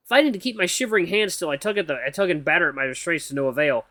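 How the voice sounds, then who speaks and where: A man reads a visual novel aloud in a casual, tired way and sometimes trips over the words. His voice sits a little high for a man, and the sound is close and dry. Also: very fast, few pauses, bright, forceful tone, dry recording. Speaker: gaming YouTuber.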